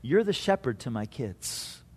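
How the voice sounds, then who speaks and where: A man's voice: medium pitch, very animated, a little slow, husky, voice pushed down. A man voicing a good-humored sheep farmer who teases a young pastor in a folksy way. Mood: earnest.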